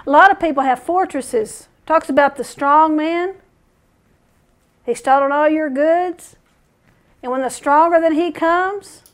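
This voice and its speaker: A woman preacher giving a sermon, telling stories in an animated way and chuckling often. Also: high voice, unhurried, pauses often.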